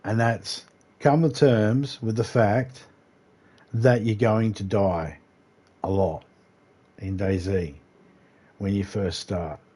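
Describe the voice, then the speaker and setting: A man's voice: lowish voice, fairly even intonation, slow pace, pauses often, a little mellow, breathy edge. A man with an Australian accent chatting casually as he livestreams a game, rambling and laid-back, swearing now and then. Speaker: gaming livestreamer. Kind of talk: casual gameplay commentary.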